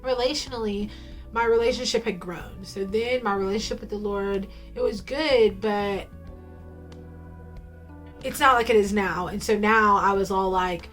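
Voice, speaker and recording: A woman's voice: mid-range voice, unhurried, fairly bright tone, soft background music. A woman telling a personal faith story straight to camera in a casual, playful way, full of slang and ums. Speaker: faith vlogger.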